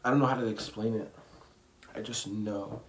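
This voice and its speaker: A man's voice: lowish voice, fairly even intonation, moderate pace, a little hiss or hum. Rambling, profane man streaming from his bedroom. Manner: rambling, profane, slangy, makes zooming sound effects. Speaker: livestreamer. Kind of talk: casual livestream monologue. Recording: roomy echo.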